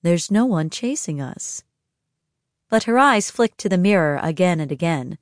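A woman narrating an audiobook in a gentle, even storytelling manner. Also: lowish voice, dry recording, studio quality. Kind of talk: scripted narration.

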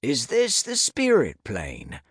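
A man's voice: medium pitch, huge pitch swings, slow pace, breathy edge, dry recording, studio quality, pitched above the performer's own voice, exaggerated voice. A man voicing an arrogant young male lich in an audiobook, sneering and taunting theatrically. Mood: scornful. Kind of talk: audiobook character voice.

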